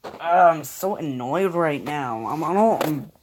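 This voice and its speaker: A man's voice: on the high side, animated, unhurried, background noise. A tired man muttering gameplay commentary into a phone microphone, grumbling at his opponents. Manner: grumbling at the game, muttering to himself. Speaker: mobile game player.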